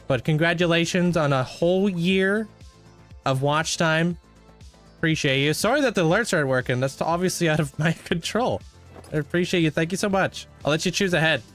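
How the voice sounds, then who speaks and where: Slightly high and a bit bright, this young man's voice stays laid-back as he livestreams a game. He chats casually with viewers while he plays, thanking them and greeting each by name.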